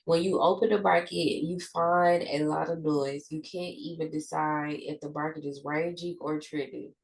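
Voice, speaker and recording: Trading teacher, a woman with a cold-stuffed nose; low and gravelly, reads from notes with restarts. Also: steady tone, normal speed, poor audio. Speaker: trading educator. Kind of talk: reading a trading lesson aloud.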